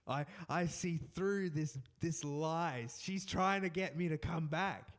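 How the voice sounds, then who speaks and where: A young man telling an animated story in casual podcast chat, often laughing and restarting his sentences. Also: on the high side, measured pace. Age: young adult. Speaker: podcast co-host.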